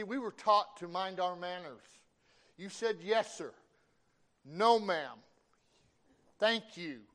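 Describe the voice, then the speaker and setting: A middle-aged man preaching in a fairly high voice. He tells homespun stories at an easy pace and often pauses to ask for an amen. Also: fairly bright tone. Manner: folksy, calls for amens. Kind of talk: sermon with folksy storytelling.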